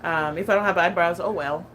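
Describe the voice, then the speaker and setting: Lady in her 30s chatting on her vlog, kinda low voice, laughs lots, says um and like a ton. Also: fairly quick, a bit bright, low-quality recording. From California. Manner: chatty, laughs often, many fillers and restarts. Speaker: lifestyle vlogger. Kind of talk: casual chat.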